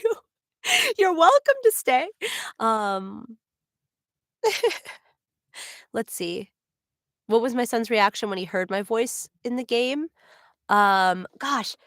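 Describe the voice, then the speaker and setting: A woman voice actor chats casually on a livestream through her own microphone, laughing a lot and peppering her speech with "like." Her voice is a little high and slightly bright, and the studio-quality recording is dry.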